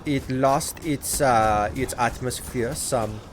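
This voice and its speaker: This man talks at a slow pace in a medium-pitched voice as he plays a game on a live stream, joking and chatting easily with his chat. A little background noise can be heard.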